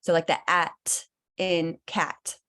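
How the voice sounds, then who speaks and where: A woman's voice: fairly low pitch, flat delivery, slow, a bit bright. Woman presenter explaining teaching terms. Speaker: conference presenter. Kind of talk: presentation talk.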